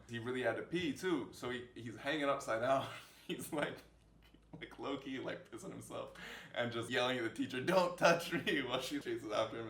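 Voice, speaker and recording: A man's voice: fairly low pitch, vocal fry, echoey room. A man in his twenties answering fan questions in a casual vlog, rambling through funny stories and laughing at himself. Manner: joking, rambling storyteller who laughs at himself. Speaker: social media creator answering fan questions. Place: indoor room with a fill light.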